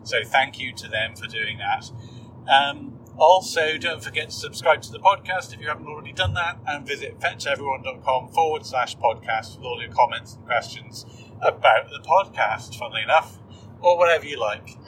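A man's voice: mid-range voice, moderate pace, recorded from a distance, noisy background. A man hosting a podcast, talking in a jokey, chatty way. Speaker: podcast host. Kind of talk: casual chat. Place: car, then outdoors at a campsite.

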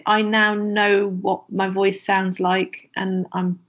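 A woman with a posh English accent talks as a podcast co-host. She is reassuring and gently self-mocking. Her voice is mid-pitched and everyday. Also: flat delivery, takes it slowly, muffled recording. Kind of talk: casual chat.

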